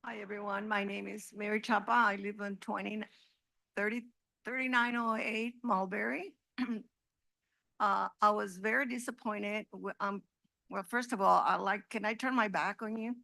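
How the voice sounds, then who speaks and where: A woman's voice: medium pitch, fairly even intonation, moderate pace, creaky, sharp tone, dry recording. A woman making an indignant, rambling complaint during public comment at a city council meeting.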